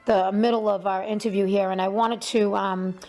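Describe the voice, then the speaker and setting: A woman's voice: medium pitch, flat delivery, moderate pace, darkish tone, soft background music. A woman hosting an interview show, chatting casually with many fillers and restarts.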